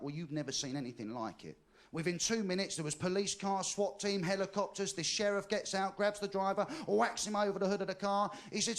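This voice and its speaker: Man, stand-up comic, high voice, acts out dialogue in rapid exchanges. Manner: acts out dialogue in quick back-and-forth. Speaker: stand-up comedian. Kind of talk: stand-up joke telling.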